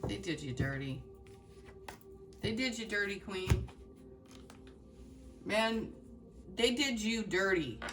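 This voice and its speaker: A woman's voice: mid-range voice, lively intonation, slow pace, pauses often, recorded from a distance, over music. A woman giving a heartfelt, emotional tarot reading, speaking straight to her viewers with many fillers and restarts. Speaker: tarot reader.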